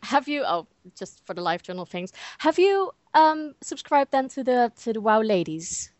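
A woman's voice: fairly high pitch, sing-song, moderate pace, a little mellow, dry recording. Hesitant British woman podcast guest. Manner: hesitant, many ums and restarts. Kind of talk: casual podcast chat.

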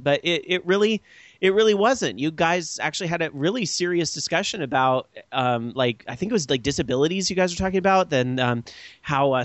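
A man's voice: a little high, a bit bright, no echo. An American man hosting a podcast, chatting casually with a jokey manner and frequent laughs. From United States. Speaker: podcast host.

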